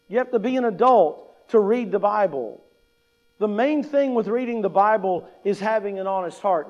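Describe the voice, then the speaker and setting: A man with a high-pitched voice delivers a conversational sermon from a church pulpit. He leans on repetition, asking his listeners questions and restating each point. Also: a little mellow, dull audio. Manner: conversational, emphatic repetition, acts out quoted attitudes. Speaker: preacher.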